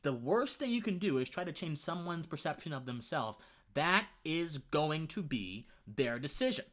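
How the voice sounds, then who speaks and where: Animated young man on a livestream. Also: a little high, moderate pace. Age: young adult. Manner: rambling, stumbles over words and restarts; lively and conversational, says man often. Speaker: livestream host. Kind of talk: casual opinion livestream with chat.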